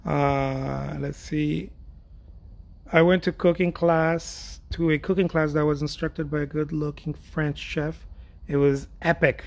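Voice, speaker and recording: A man's voice: on the high side, little pitch movement, takes it slowly, gravelly. A middle-aged man painting and chatting casually, rambling, joking at his own expense and trailing off mid-thought. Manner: chatty, self-deprecating, laughs often, trails off and restarts. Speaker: painter streaming an art chat.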